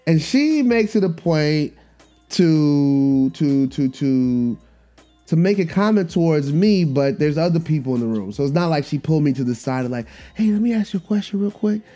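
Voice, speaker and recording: A podcast host tells a story in a relaxed, slangy monologue, circling back and repeating his points. His pitch rises and falls widely as he talks. His voice has a warm, mellow tone. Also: moderate pace, soft background music. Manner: animated, repetitive, slangy.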